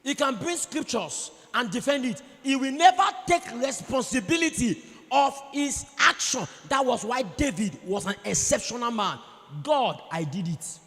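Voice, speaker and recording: Animated Nigerian man in echoey hall. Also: very high voice, normal speed. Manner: animated, preachy, acts out quoted voices. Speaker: conference speaker. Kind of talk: motivational speech.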